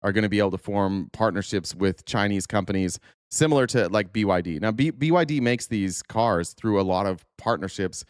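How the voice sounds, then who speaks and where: A man's voice: fairly low pitch, fairly quick, smooth, no room sound, clean studio sound. A man hosting a livestream, reacting to a video with rambling, profane, laughing asides. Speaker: streamer host reacting to a video. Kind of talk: casual livestream commentary.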